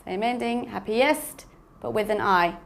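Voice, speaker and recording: A woman's voice: a little high, unhurried, a little hiss or hum. A woman teaching English grammar, explaining patiently, repeating words and spelling out endings letter by letter. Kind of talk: slow classroom explanation.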